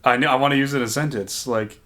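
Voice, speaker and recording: A man's voice: medium pitch, steady tone, fast talker, a bit bright. A man co-hosting a casual podcast, joking around in a loose, profane way. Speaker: podcast co-host. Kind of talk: casual chat.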